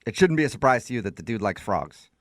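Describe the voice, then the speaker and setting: A man's voice: medium pitch, very animated, fast, fairly bright tone. A man hosting a morning radio show, teasing and laughing with a caller. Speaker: radio host. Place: radio studio.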